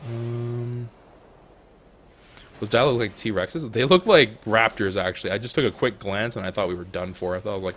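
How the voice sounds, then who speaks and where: A young man giving jokey, excitable let's-play commentary, talking to the animals in his game. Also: on the low side, normal speed, a little hiss or hum. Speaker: gaming YouTuber.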